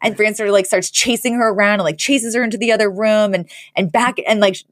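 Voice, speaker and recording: A woman's voice: mid-range voice, steady tone, fast talker, dry recording, clean studio sound. Chatty woman recapping a sitcom episode. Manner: chatty, laughs often, many "like" fillers. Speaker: podcast co-host.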